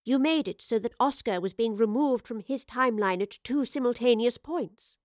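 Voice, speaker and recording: A woman reading a storybook voices a clever woman professor with a careful, measured manner. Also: a little high, no echo, clean studio sound, lightly acted. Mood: cautious.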